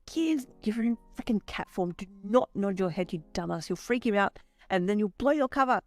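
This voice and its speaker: A woman's voice: medium pitch, expressive, moderate pace, a little mellow, soft background music, pitched above the performer's own voice, natural voice. A woman voicing a flustered teenage girl stuck in cat form, with squealing, exasperated outbursts.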